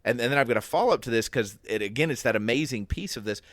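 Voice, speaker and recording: A man's voice: mid-range voice, expressive, fast, a bit bright, dry recording. A man talking through a Bible chapter in an easy podcast chat, his voice sitting in the middle of the male range. He thinks aloud, restarts his sentences and voices the questions running through his head. The recording is close and dry, with no room sound. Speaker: podcast co-host. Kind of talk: casual Bible discussion.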